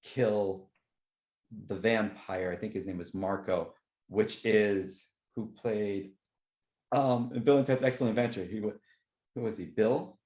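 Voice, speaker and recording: A man hosting a podcast, telling movie stories in a rambling, excitable way. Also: unhurried, echoey room. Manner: rambling, excitable storytelling with lively jumps in pitch. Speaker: podcast host. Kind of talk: casual chat.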